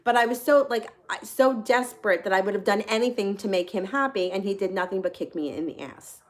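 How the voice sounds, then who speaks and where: A woman's voice: medium pitch, a little fast. A woman hosting a tarot channel, telling a personal story casually and candidly, laughing often and swearing freely. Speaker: tarot reader and channel host.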